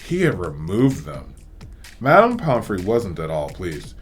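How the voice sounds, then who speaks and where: Male reader, low voice, very lively phrasing, faint music behind, story read-aloud. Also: a little slow. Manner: expressive, varied delivery. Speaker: reader, host.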